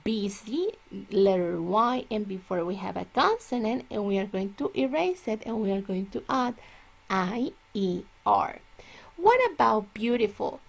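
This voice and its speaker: A woman teaching English grammar, explaining slowly and stretching out her example words. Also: mid-range voice, expressive, vocal fry. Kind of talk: classroom grammar lesson.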